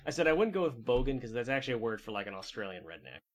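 A man running a tabletop game as game master, chatting casually and briskly moving things along. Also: medium pitch, big pitch swings.

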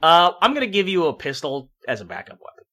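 Casting: man from Canada, game master, chatty narration with filler words, bright edgy tone. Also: on the high side, wildly swooping pitch, fast talker. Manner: casual narration with frequent fillers.

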